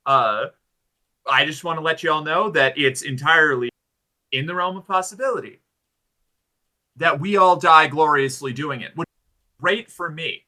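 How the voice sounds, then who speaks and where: Bright-voiced man, halting and rambling. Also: fairly high pitch. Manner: halting, stumbling over words. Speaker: player. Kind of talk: casual chat.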